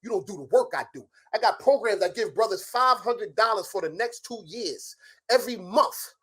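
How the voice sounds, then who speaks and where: A middle-aged man in a heated argument as a show guest, ranting loudly with lots of profanity and rapid challenges. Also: high voice, lively intonation, slightly rough.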